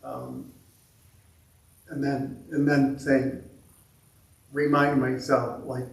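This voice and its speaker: A man leading a meditation group, talking in a halting, self-deprecating way with many restarts. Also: fairly high pitch, sing-song. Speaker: meditation leader. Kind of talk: reflective talk to a meditation group. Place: meditation temple hall. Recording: echoey room from a distant mic.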